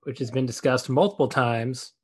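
Brief: a mid-pitched male co-host trading jokes in a casual podcast, halting delivery. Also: fairly even intonation, husky.

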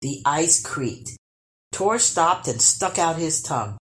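A woman reading a children's storybook aloud, expressive and lively. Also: low-pitched, takes it slowly. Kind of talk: storybook read-aloud narration.

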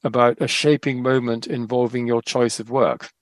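A man hosting a podcast and asking questions in a measured, polite, slightly hesitant way. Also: medium pitch, flat delivery, dry recording. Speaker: podcast host. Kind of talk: interviewing.

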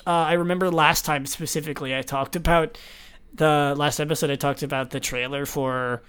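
A man's voice: a little high, steady tone, a little fast, fairly bright tone, smooth. A young man hosting a podcast, chatting casually, rambling with lots of restarts and laughs. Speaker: podcast host. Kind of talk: casual chat.

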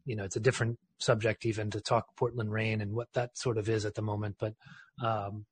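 A man's voice: on the low side, flat delivery, fairly quick, slightly rough, no room sound. A man hosting a casual sports podcast, talking in a discursive way with frequent restarts. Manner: discursive, lots of restarts and fillers. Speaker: podcast host.

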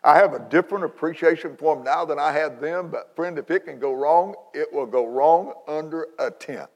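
A man, an evangelist telling a story in a sermon, folksy and animated with many restarts, in a large church hall. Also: fairly high pitch, normal speed. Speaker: evangelist preacher.

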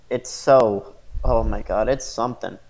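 A man with a slightly low voice, co-hosting a loose podcast chat. He talks sarcastically and laughs often while reading out movie reviews. The talk is casual and unscripted. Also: a little mellow, slight background noise. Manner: sarcastic, quick to laugh, reads reviews aloud. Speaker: podcast host.

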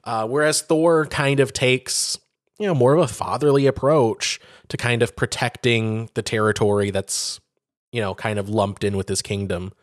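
A man's voice: medium pitch, fairly even intonation, normal speed, no room sound, clean studio sound. A man co-hosting a podcast, chatting casually and retelling a story with profane, acted-out quotes. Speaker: podcast co-host. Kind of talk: casual chat.

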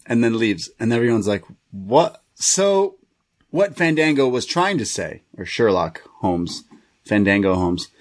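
A man co-hosting a podcast in a relaxed, chatty way, often breaking into laughter as he retells what happened. His voice sits at an ordinary middle pitch. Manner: laughs often, recaps the show with quoted voices. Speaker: podcast co-host. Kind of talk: casual chat.

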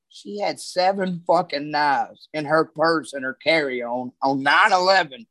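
A man's voice: a little high, unhurried, few pauses, a bit bright, dry recording. Profane man telling road stories. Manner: profane, rambling anecdotes. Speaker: comedian guest. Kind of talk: casual storytelling chat.

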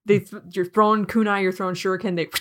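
A woman co-hosting a podcast in casual chat, excitable, swearing freely and laughing often. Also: medium pitch, fast talker. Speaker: podcast co-host.

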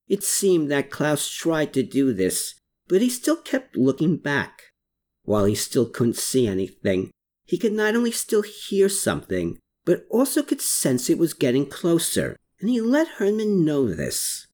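An audiobook narrator reading a story chapter with expressive delivery. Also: medium pitch, a little slow. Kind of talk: scripted narration.

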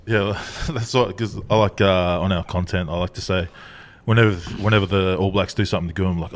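A man's voice: sits low, fairly even intonation, brisk, slight background noise. An Australian man co-hosting a podcast, laid-back and teasing, laughing often. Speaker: podcast co-host. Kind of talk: casual banter podcast.

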